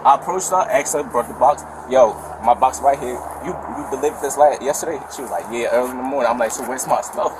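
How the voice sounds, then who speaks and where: A man arguing loudly and fast with police outdoors at an apartment complex, picked up by an officer's body camera. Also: mid-range voice. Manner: agitated, loud, arguing fast. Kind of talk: heated bodycam exchange. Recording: noisy outdoor bodycam audio.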